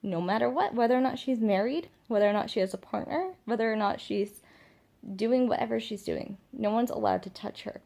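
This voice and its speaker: A woman's voice: on the high side, brisk, gravelly, dark tone. A young woman and mother talking to the camera in a casual vlog, earnest and emphatic, repeating her points for stress. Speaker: mother vlogging about parenting.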